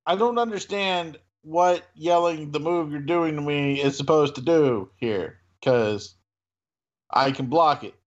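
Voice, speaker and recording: A man's voice: on the high side, a little slow. A man co-hosting a casual podcast, chatting in a jokey, playful way. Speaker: podcast co-host. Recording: slightly dull lo-fi sound.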